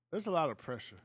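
A man's voice: on the high side, husky, dry recording, studio quality. A man co-hosting a podcast, chatting in laid-back, profane, joking banter. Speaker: podcast co-host. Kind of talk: casual chat.

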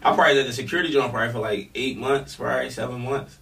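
A man's voice: mid-range voice, racing, gravelly, far from the mic. A young man, a comedian guest on a casual podcast, telling stories in loose slang and laughing often. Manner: laughing storyteller, slangy, animated when quoting people.

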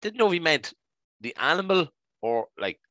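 Bright-voiced podcast co-host. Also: male voice, on the high side, sing-song, normal speed, no echo, lo-fi sound. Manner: upbeat, reads listener replies, fond of "right?". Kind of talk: casual chat.

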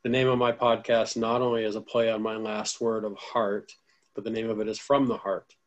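A man's voice: lowish voice, level tone, normal speed, highs cut off. A man hosting a podcast interview, earnest and open about getting emotional as he wraps up. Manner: warm, earnest, gets emotional. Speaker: podcast host. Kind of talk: casual interview chat.

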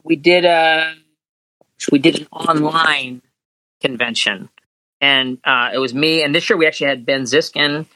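A man's voice: on the high side, a little slow, sharp tone, no room sound, rough recording. A man, a voice actor, chatting in an interview, rambling and earnest with many restarts. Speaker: voice actor guest. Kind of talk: casual interview chat.

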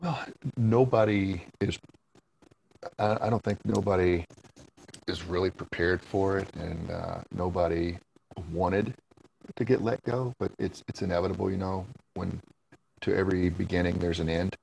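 A man's voice: low voice, fairly even intonation, moderate pace, creaky, a little mellow, a little hiss or hum, poor audio. A man as a podcast guest, telling stories in a laid-back, casual way, swearing freely and laughing between lines. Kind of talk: casual storytelling chat.

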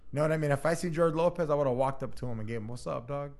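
A man who is a comedian, a guest on a podcast, telling animated stories with laughs and acted-out quotes. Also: fairly high pitch, rapid-fire. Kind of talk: casual chat.

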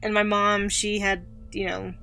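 A woman's voice: medium pitch, unhurried, gravelly, soft background music. A woman co-hosting a podcast, telling a personal spooky story in a chatty, casual way and acting out the people she quotes. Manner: chatty, animated when quoting others. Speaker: podcast co-host.

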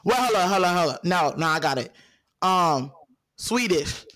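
A man co-hosting a casual podcast chat, playful and teasing, quick to joke. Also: high voice, expressive, sharp tone. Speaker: podcast co-host.

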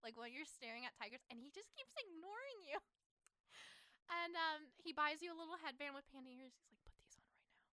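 A young woman with a high, bright voice that swings widely as she retells a story and acts out every character. She swears freely and laughs often, and the sound is close and dry with no room around it. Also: a little fast, no room sound. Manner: animated storytelling, acting out the characters' lines. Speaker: podcast co-host. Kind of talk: casual chat.

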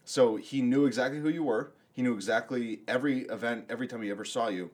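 A man's voice: medium pitch, fast, noisy background. A man in casual chat, explaining things in a matter-of-fact way with casual swearing.

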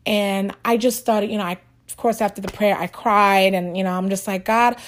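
Speaking at normal speed in a steady, medium-pitched voice, a woman tells the story of her faith. Her delivery is casual and earnest, emotional to the point of near tears, with frequent restarts.

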